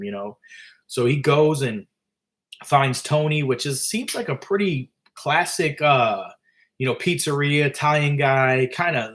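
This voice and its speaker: A man's voice: medium pitch, fairly bright tone. A man retelling a story in a casual, rambling way, full of fillers and restarts. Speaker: author and storyteller.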